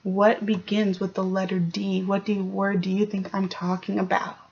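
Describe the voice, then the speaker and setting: A woman teacher giving a clear early-grade phonics lesson, sounding out letters and asking the children encouraging questions. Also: medium pitch, little pitch movement, moderate pace, lo-fi sound. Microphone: home recording for online class.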